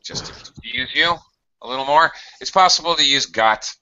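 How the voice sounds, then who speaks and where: A man teaching an English grammar lesson, explaining slowly and patiently with frequent fillers. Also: medium pitch, pushed and bright. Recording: dull lo-fi audio.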